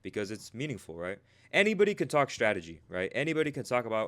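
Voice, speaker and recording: Low-voiced man teaching on a livestream. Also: very animated, very fast. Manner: conversational, keeps asking "right?"; answers chat viewers by name. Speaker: trading stream host.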